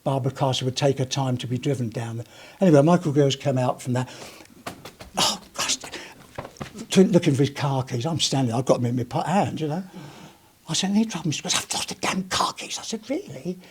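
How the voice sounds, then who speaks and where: Speaking at a heritage gallery, a retired police officer in his later years rambles through anecdotes for a live crowd, restarting frequently as he chats. His voice is medium-pitched, brisk and husky.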